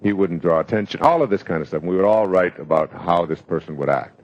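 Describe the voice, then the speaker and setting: An older man giving a motivational lecture, telling stories in a reflective way with pauses and fillers. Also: low voice, expressive, darkish tone. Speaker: motivational speaker. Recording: dull lo-fi lecture recording.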